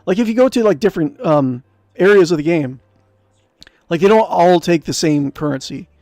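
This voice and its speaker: A man's voice: a little high, lively intonation, moderate pace, a little mellow, no room sound. Chatty man streaming a text game. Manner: rambling, chatty, many fillers and restarts. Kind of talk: let's-play commentary, reading game text aloud.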